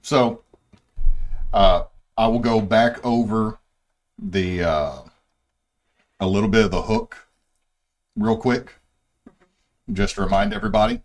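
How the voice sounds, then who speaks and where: Low-voiced man rambling through game lore. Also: very animated, slow pace, vocal fry, long pauses. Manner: rambling, filler-heavy explaining. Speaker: game master. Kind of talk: casual session-zero lore briefing.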